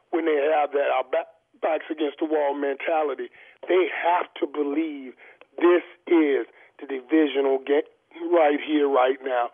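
A man calls in to analyze football on a tinny, phone-like line, his voice sitting a little high. He talks emphatically, repeating and restarting his phrases, and he has the hiccups. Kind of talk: sports talk on the phone.

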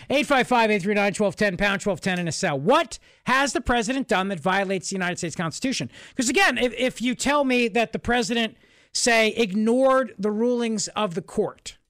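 A man's voice: high-pitched, a bit bright, no echo. A man hosting a political talk radio show, speaking in an emphatic, repetitive, sarcastic monologue from a radio studio. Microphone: studio microphone.

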